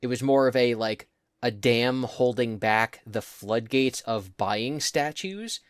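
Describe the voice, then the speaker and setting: A young man in an easygoing podcast chat, his voice dry and close to the mic with no room sound. He drawls words out slowly for emphasis, then speeds up again. His pitch sits in the middle for a man. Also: smooth, dry recording. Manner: easygoing, drawls words out when making a point. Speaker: podcast co-host. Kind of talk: casual storytelling chat.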